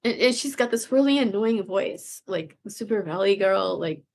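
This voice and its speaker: A woman in her fifties with a gravelly voice, telling a personal story in a rambling, profane way, full of restarts and repeated words. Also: medium pitch, lively intonation, moderate pace. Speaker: vlogger. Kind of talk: casual confessional storytelling.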